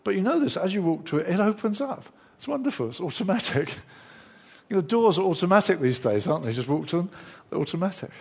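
Man, middle-aged, husky, preaching, animated sermon voice, mimics doubting voices. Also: sits high, quick pace. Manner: lively preaching, acts out inner voices.

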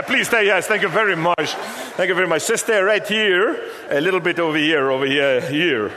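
A man's voice: high voice, normal speed, hardly any pauses, pushed and bright. A man preaching a playful sermon in a church, teasing and coaxing members of the congregation to join in. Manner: teasing, jokey, coaxes people from the crowd. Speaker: pastor. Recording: long hall reverb, faint room noise.

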